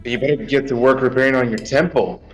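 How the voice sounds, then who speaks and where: A man reading aloud as a callous, war-obsessed male god, flat and dismissive. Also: mid-range voice, quick pace, faint music behind, close to an everyday voice. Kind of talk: reading game dialogue aloud.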